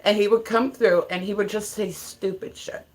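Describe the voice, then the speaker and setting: A woman's voice: mid-range voice, steady tone, normal speed. A woman from Ohio chatting casually on a livestream, greeting viewers by name and swearing bluntly. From Ohio, USA. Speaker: livestream host. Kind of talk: casual live-stream chat.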